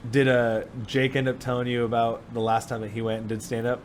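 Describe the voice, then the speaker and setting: A man's voice: mid-range voice, flat delivery, fairly quick, slight background noise. Laid-back male podcast host. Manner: laid-back, casual and chatty. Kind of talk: casual podcast chat.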